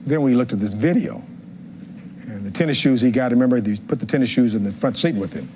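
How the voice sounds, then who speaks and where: A man's voice: mid-range voice, quick pace, mellow, slight background noise. A man giving a courtroom closing argument as defense attorney, reading testimony aloud and firing rhetorical questions at the jury.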